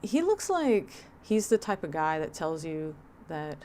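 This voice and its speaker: Brief: a woman streamer, slightly low voice, wry and sarcastic commentary, a faint hiss behind her. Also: big pitch swings, a little slow, dark tone. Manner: sarcastic, wry, laughing asides. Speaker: livestream host. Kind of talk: livestream reaction commentary.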